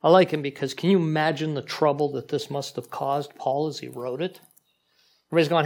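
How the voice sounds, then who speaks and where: A man preaching a sermon in a conversational, animated way, with frequent asides to the congregation. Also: on the high side, fairly quick, creaky. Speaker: pastor.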